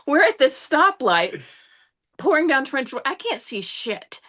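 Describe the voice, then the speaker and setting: A young woman with a fairly high voice tells a story on a podcast. She is animated and quick to swear, rushing through the details as she goes. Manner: excitable, swears often, rushes through the story. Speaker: podcast guest.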